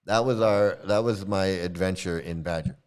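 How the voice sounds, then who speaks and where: A middle-aged man with a low, smooth voice tells a loose, rambling story to his viewers. He chuckles often, restarts his sentences, and slips into the voices of the people he quotes. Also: normal speed. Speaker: commentary video host, former devotee. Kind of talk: casual storytelling monologue.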